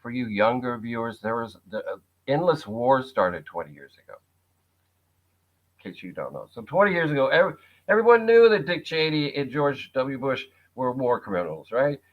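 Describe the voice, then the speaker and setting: A man's voice: medium pitch, very animated, normal speed. Wry male guest, dull lo-fi sound. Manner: wry, sarcastic, laughs at his own jokes. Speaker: guest, actor and writer. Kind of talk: casual conversation.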